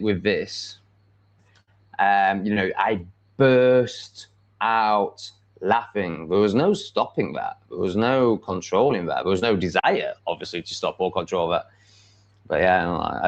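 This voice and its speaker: A man's voice: deep voice, moderate pace. A man with an English accent hosting a casual live stream, rambling bluntly and confidently with plenty of ums and likes. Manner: rambling, blunt and self-assured, with many fillers. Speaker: livestream host. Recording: dull lo-fi stream audio.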